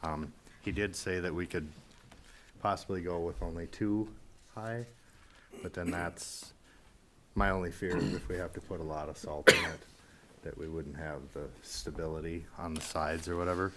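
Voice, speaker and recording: Very deep voiced guy, out of breath, halting, lots of ums, reporting to a town board. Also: steady tone, noisy background. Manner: hesitant, halting, many fillers. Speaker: public works staff member. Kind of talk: reporting at a municipal meeting.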